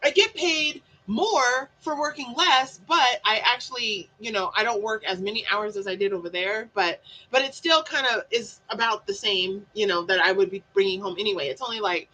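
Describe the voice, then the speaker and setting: A woman's voice: medium pitch, moderate pace, hardly any pauses, bright, forceful tone, a little hiss or hum, poor audio. A woman vlogger in a casual chat, telling her story candidly and rambling, with lots of swearing and many "like"s and "you know"s. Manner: peppers speech with "like" and "you know". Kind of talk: casual mental health chat.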